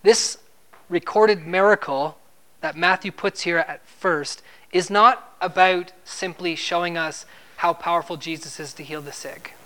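A man's voice: a little high, unhurried, sharp tone. A man preaching an expository sermon in a conversational way, asking his listeners questions and repeating words when he stresses a point.

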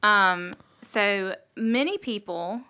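Smooth-voiced woman in casual chat. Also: medium pitch, takes it slowly, bright, forceful tone, dry recording, studio quality. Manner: chatty, teasing, frequent ums. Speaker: podcast co-host.

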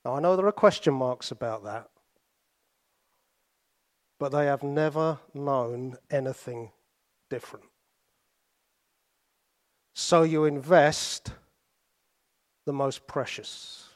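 A British man preaching a sermon, telling stories with pauses and sudden drops to soft asides. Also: mid-range voice. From Britain.

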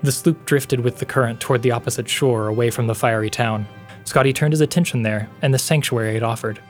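A man narrating a fantasy story in a measured, expressive reading voice. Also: medium pitch. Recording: faint background music.

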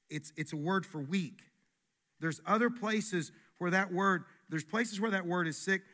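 A man, a pastor, preaching a sermon in an animated, emphatic way, often restarting his words. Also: high voice.

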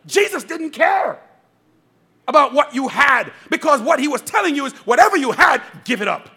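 A man's voice: very high-pitched, big pitch swings, moderate pace, gravelly, pushed and bright. A male pastor preaching a fervent sermon from the pulpit, calling out to his congregation. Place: church pulpit.

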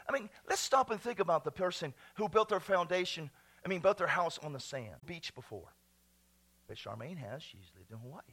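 Man, pastor, sermon, bright tone, slightly high voice, hushed-to-shouting delivery. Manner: dynamic preaching, swings from hushed to shouting. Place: church sanctuary.

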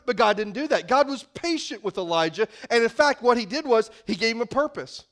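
A man's voice: very high-pitched, lively intonation, a little fast, few pauses, a bit bright. A male pastor preaching a sermon in a folksy, conversational manner.

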